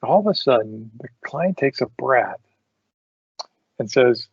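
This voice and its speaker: Gravelly-voiced man telling stories. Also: medium pitch, lively intonation, measured pace, dry recording. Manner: laughs often while telling stories. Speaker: podcast host. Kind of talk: casual storytelling. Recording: dull dry lo-fi sound.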